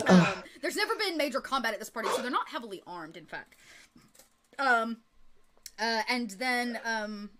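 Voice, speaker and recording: Woman GM for a tabletop game, giggly and filler-heavy, high bright tone. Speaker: game master.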